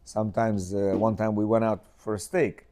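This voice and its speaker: A man's voice: lowish voice, level tone, moderate pace, warm tone. A middle-aged man telling a rambling personal story with many restarts and acted quotes, as host of a casual talk.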